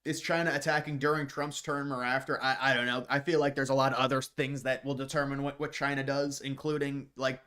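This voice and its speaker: Guy on a livestream answering chat, rambly, stumbles over his words a lot, mid pitch, gets sarcastic. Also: level tone, a little fast, few pauses, pushed and bright. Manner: rambling, repeats words when starting sentences; scornful mocking asides. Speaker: livestream host reading viewer questions. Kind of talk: casual live chat.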